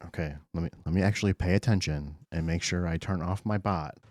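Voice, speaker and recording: An excitable man hosting a live stream, talking fast and loose with his viewers and swearing freely. His voice sits a little low for a man. He greets people by name as he goes. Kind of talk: casual live-stream chat.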